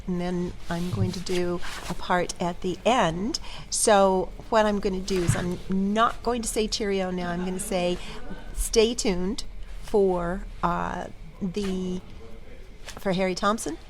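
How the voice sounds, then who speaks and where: A woman's voice: medium pitch, steady tone, measured pace, a little hiss or hum. A woman hosting a podcast, chatting in an encouraging way with many fillers. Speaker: podcast host. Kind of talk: casual interview chat.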